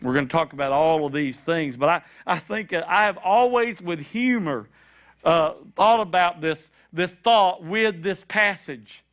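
A man preaching a sermon, animated and repetitive, with shouted high-pitched acted quotes, in a church. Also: measured pace. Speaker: pastor. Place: church sanctuary.

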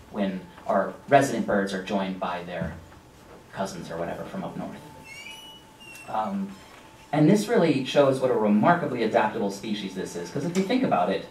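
A man giving a casual slideshow lecture about nature, relaxed and rambling with frequent ums and asides. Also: on the low side, a little hiss or hum. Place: lecture room with an audience. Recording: echoey room from a distance.

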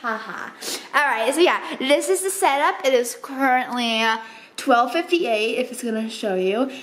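A woman talking in a casual vlog diary at home, chatty, bubbly and quick to correct herself. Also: high-pitched, lively intonation, fairly bright tone. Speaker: vlogger and co-writer of a book.

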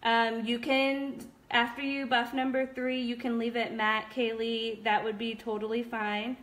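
Woman, young adult, live-stream host, casual chat, slightly high. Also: little pitch movement, unhurried, fairly bright tone. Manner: chatty, upbeat, many fillers. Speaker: live-stream host of a nail product shop.

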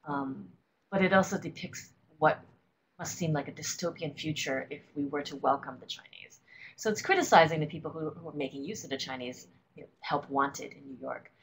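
A woman presenting a webinar lecture, explaining images at an unhurried pace with frequent ums and uhs. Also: deep voice, a little hiss or hum, rough recording. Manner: hesitant, many ums and uhs. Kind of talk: lecture on political cartoons.

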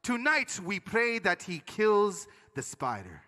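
A man voicing an older male preacher who speaks in slow, weighty pronouncements. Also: sits high, wildly swooping pitch, sharp tone, pitched below the performer's own voice, full character voice. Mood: solemn. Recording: hall reverb.

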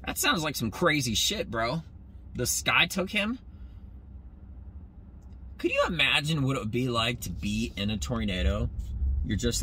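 Animated man ranting in a noisy car. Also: on the low side. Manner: animated, tangent-prone, talks straight to viewers. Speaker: comedian. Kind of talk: rambling comedic rant.

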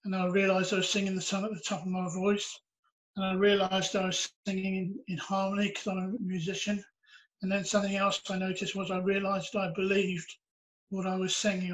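A man's voice: sits high, monotone, fairly quick, fairly bright tone, low-quality recording. A man recounting a personal story in an earnest, reflective way during a church interview. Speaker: interviewee sharing his testimony.

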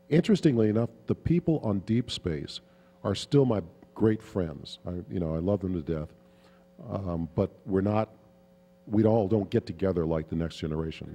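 A man with a low, dark, mellow voice tells stories at a fan convention Q&A. He rambles a little, chuckles, and fills gaps with "um" and "you know." He speaks into a handheld mic in a panel room. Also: big-room sound. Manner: relaxed, chuckling, rambling with fillers. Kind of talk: anecdotal storytelling at a Q&A.

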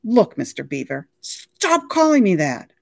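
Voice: mid-range voice, very animated, moderate pace, vocal fry, a little mellow, no echo, voice pushed up. A reader voicing a blunt male animal wrangler who talks dry and matter-of-fact.

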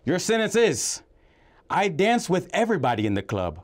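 A man hosting a comedic game show, energetic and teasing with his contestants. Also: high voice, moderate pace, a little hiss or hum.

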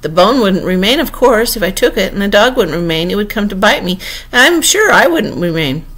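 A woman's voice: mid-range voice, big pitch swings, brisk, a bit bright. A woman voicing a polite young girl who argues earnestly in a storybook reading. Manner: earnest, pleading.

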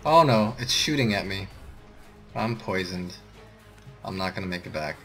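A man's voice: deep voice, expressive, moderate pace, fairly bright tone, faint music behind. A man chatting casually while playing a co-op game with a friend, nervous and jumpy when the game turns dangerous. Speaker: gamer. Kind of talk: casual co-op gameplay chat.

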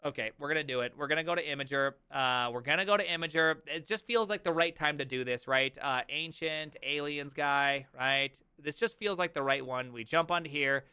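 A man in his thirties reacting to an article on a live stream, reading aloud and riffing with jokey, loud outbursts. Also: on the high side, a little fast, few pauses, clear, resonant tone, no echo, studio quality. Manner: animated, jokey, reads aloud then riffs with loud outbursts.

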